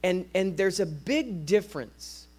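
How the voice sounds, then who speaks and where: Guest preacher, male, somewhat high voice, lively conversational sermon delivery that doubles back on words. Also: measured pace. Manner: energetic and conversational, repeating words as he restarts.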